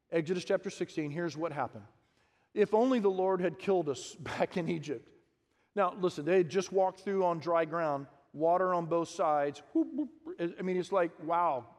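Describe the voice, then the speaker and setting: A man preaching a sermon as pastor, animated, acting out quotes and asking the congregation questions. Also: on the high side. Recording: long reverb of a large hall.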